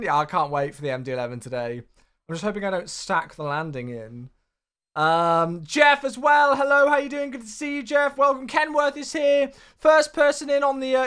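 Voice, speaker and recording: Upbeat man greeting viewers. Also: clean tone. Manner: upbeat, chatty, big swings in pitch and loudness. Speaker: flight sim livestreamer. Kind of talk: casual livestream chat greeting viewers.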